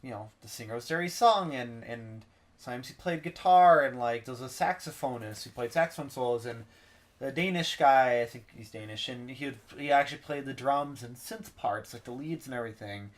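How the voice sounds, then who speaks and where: A man's voice: medium pitch, fairly quick. A man co-hosting a podcast in casual chat, easygoing and thinking aloud. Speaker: podcast co-host.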